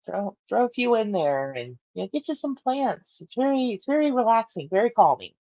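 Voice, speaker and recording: A woman's voice: on the high side, very animated, a little fast, dark tone, dry recording, lo-fi sound. A woman hosting a casual morning livestream from her bedroom, rambling, laughing often and talking to her cat. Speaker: livestream host.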